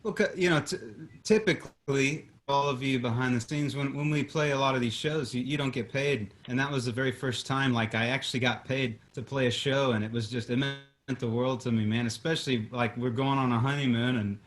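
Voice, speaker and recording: A man's voice: medium pitch, steady tone, fairly quick, hardly any pauses, slight background noise. A man, a guest singer-songwriter, chatting casually over a video call, rambling with many restarts and fillers. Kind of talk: casual chat.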